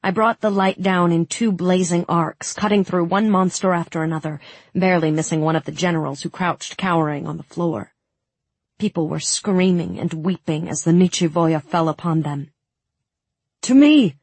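A woman narrating a fantasy audiobook in the first person, with steady, dramatic storytelling on a close studio mic. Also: fairly low pitch, normal speed, husky, no room sound.

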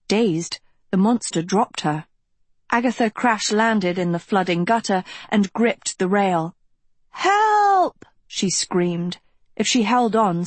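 Slow, husky woman narrating a story. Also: mid-range voice, darkish tone, no room sound. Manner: dramatic, measured storytelling. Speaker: audiobook narrator. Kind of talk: scripted narration.

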